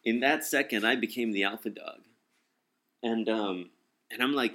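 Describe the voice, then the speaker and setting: A young man telling a story in casual talk, animated, acting out what people said and swearing freely. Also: mid-range voice, a little slow.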